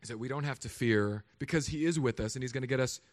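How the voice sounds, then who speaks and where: A man in his thirties, a pastor, preaching a sermon with animated, humorous storytelling. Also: medium pitch, fast.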